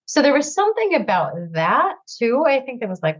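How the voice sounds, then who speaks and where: A woman guest candidly telling her recovery story, halting and full of fillers, teary at times. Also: sits high, huge pitch swings, highs cut off. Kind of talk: emotional personal storytelling.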